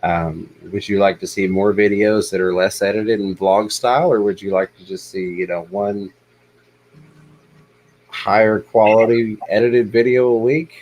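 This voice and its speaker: A man hosting a casual fish-keeping livestream, talking in a relaxed, rambling way with many pauses and ums. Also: on the low side, a little hiss or hum, rough recording. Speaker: livestream host.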